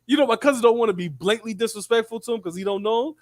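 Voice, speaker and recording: A man in casual chat, telling an animated story and acting out what other people said. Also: very high-pitched, very fast, no echo, studio quality. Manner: animated storytelling, acts out quotes. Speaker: guest storyteller.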